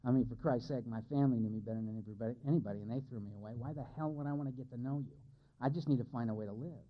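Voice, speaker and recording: A man with a mid-range voice talks in rapid-fire bursts, offering a candid, self-mocking personal testimony to a live audience as a speaker at a recovery meeting. The recording is lo-fi and dull.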